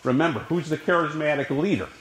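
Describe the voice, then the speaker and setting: Lively, echoing male history lecturer. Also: on the high side, fast talker. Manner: lively lecturing with rhetorical questions. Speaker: history professor. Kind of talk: classroom lecture. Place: college classroom.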